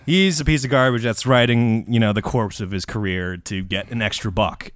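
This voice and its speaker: A man's voice: lowish voice, moderate pace, dry recording, studio quality. Sweary ranting male podcast host. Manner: ranting, sweary, explains with confident asides. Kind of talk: casual comedy podcast chat.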